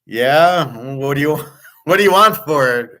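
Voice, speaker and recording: A man voicing a dismissive female bank teller who laughs off a customer, slightly raised pitch. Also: fairly even intonation, normal speed, a bit bright, lightly acted. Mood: mocking.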